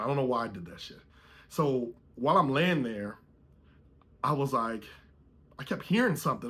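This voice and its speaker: A man's voice: mid-range voice, brisk, sharp tone, husky. A man in his thirties, hosting his own show and casually telling a profane, laid-back story from his youth, acting out the dialogue. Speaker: podcast host.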